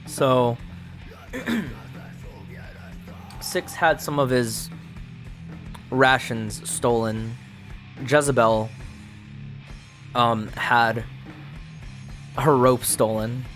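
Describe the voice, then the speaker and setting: Slow, relaxed man running a solo tabletop session, counting dice aloud, faint music behind. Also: medium pitch. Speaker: solo tabletop game player. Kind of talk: casual solo tabletop narration. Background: faint background music.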